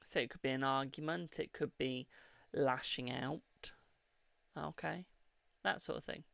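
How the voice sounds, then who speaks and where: Hosting a live stream, this tarot reader talks casually and low-key, yawning, filling gaps with "like," and addressing viewers as darling and Boo. The voice is gravelly, fairly bright, and a little slow.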